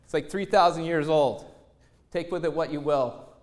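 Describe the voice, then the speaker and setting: On stage, a motivational speaker with a fairly high voice tells a personal story with lively timing, slipping into other voices for the lines he quotes. He talks at normal speed.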